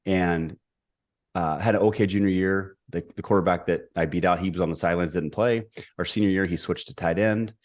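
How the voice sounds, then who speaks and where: A middle-aged man telling a personal story as a podcast guest, energetic and emphatic. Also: low-pitched, brisk. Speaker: podcast guest, executive coach.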